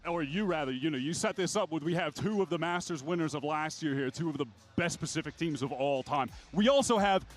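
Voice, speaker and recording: A man's voice: a little high, a little fast, few pauses, a little hiss or hum. A man working as an esports analyst on a broadcast desk, given to dry teasing remarks.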